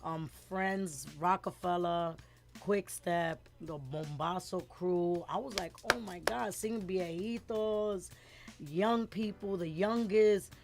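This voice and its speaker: A middle-aged woman, telling a lively story as a guest in a casual interview and acting out the voices of the people in it. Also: fairly low pitch, takes it slowly, faint music behind. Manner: animated, acts out quoted voices, switches between English and Spanish words.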